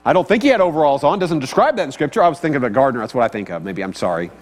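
A man's voice: medium pitch, big pitch swings, very fast. A man preaching a sermon in a conversational way, often asking his listeners questions. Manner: conversational, asks the audience questions. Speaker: pastor. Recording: long hall reverb, faint mains hum.

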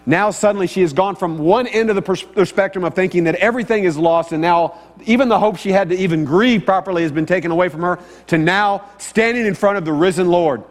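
A man preaching a sermon in a conversational way, often asking his listeners questions. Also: sits high. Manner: conversational, asks the audience questions. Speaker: pastor. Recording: long hall reverb, faint mains hum.

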